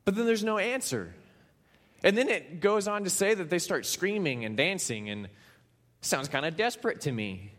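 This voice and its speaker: A man from Kansas preaching a sermon, retelling a story with animated, playful asides. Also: high voice, normal speed, long reverb tail. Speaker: pastor.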